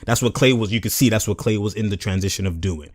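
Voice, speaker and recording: A man's voice: fairly low pitch, fast, no room sound, clean studio sound. A young man doing casual video commentary, animatedly breaking down a basketball clip in slang and acting out what the players said. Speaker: sports commentary vlogger.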